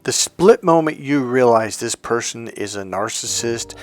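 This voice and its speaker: A man's voice: mid-range voice, animated, measured pace, faint music behind. A man giving an intense, blunt and profane motivational talk as a relationship coach. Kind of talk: motivational vlog monologue.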